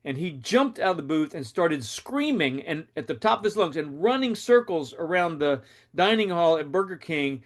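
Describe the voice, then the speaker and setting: Guy telling his faith story, kinda high voice, earnest and chatty. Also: expressive, a little fast. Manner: earnest, conversational, dramatic retelling. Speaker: storyteller and show host.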